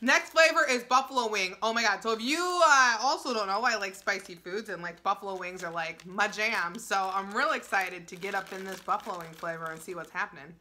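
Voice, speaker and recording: A woman's voice: mid-range voice, fairly quick, few pauses. A young woman, gushing in a casual food-tasting vlog, full of "like" and "oh my God". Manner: gushing, excitable, filler-heavy. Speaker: YouTuber.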